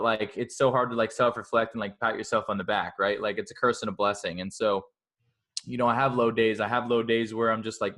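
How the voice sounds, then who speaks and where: Energetic young man talking fast and loose. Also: medium pitch. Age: 20s. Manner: energetic, rambling, heavy use of "like"; self-talk in a scolding inner voice. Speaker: interview guest. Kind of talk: casual podcast conversation.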